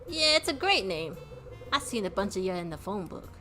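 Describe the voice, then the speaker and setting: A woman voicing a gruff, folksy male hotel owner in a put-on American Southern drawl, cagey and fond of telling stories. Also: medium pitch, big pitch swings, normal speed, over music, close to an everyday voice.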